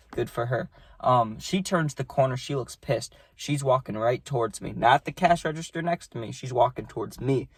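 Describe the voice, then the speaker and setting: A man's voice: mid-range voice, no room sound. A young man telling a story about his job in a casual, rambling way, swearing freely.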